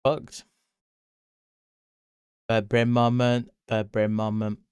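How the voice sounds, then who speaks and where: A British man chatting casually on a live stream, answering chat and rambling freely. He laughs often, and his voice jumps up when he gets excited. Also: medium pitch, slow pace, smooth, dry recording, clean studio sound. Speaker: livestreamer.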